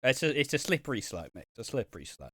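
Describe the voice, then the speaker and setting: A man talks wrestling in loose podcast banter, cursing and laughing as he goes. His voice is bright and forceful. The sound is dry and close. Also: medium pitch, very animated, fast talker, no room sound. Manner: swears freely, laughs often, slips into jokey voices. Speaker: podcast co-host. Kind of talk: casual wrestling review chat.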